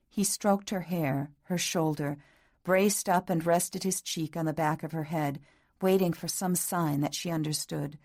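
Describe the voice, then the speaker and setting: Lower-voiced woman narrating a romance audiobook. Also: fairly even intonation, a little slow, a little mellow. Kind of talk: scripted narration.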